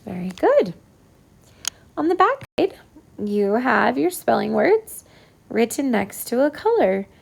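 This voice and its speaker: A woman teacher records a phonics lesson for young pupils on an iPad whiteboard, speaking slowly and patiently as she sounds out each word. Her voice is a little high, very animated and creaky.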